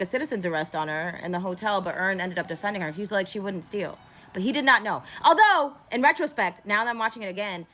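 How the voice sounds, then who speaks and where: A woman talks through a TV episode in a loose, rambling way, full of fillers and self-corrections. She keeps breaking into quick acted-out quotes with big jumps in pitch. Her voice is bright and clear. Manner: animated, acts out characters' lines with big pitch jumps. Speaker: cultural commentary host. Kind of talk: casual recap and commentary.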